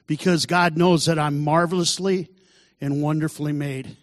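In earnest, sermon-like storytelling, this speaker shares how he recovered, voicing the people he quotes. He talks at a normal speed in a steady voice on the high side, on clean studio audio with no room sound yet a big-room feel.

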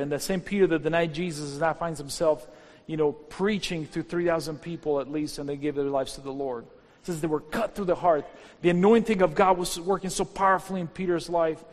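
A man's voice: on the high side, darkish tone. Fervent male pastor preaching in a hall. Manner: fervent, rising to exhortation. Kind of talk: sermon. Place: church hall. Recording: long hall reverb with faint music.

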